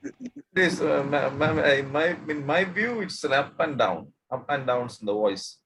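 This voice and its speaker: Man, participant, hesitant, halting, somewhat high, noisy call audio. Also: expressive, gravelly. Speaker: workshop participant.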